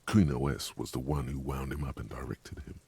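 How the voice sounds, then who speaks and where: A man's voice: extremely low pitch, steady tone, brisk, vocal fry, dark tone, breathy edge, no room sound, exaggerated voice. An actor voicing a grave, ominous male inner voice that guides a detective through a video game. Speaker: game narrator.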